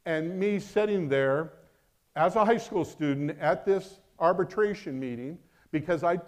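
Preaching from the pulpit, this middle-aged man speaks emphatically, alternating booming statements with hushed remarks. His pitch is slightly high.

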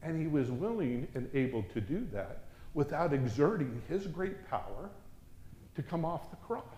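A man's voice: fairly high pitch, very animated, normal speed. Impassioned male preacher in an echoey room. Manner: dramatic swings from loud exhortation to hushed reverence. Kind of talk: sermon.

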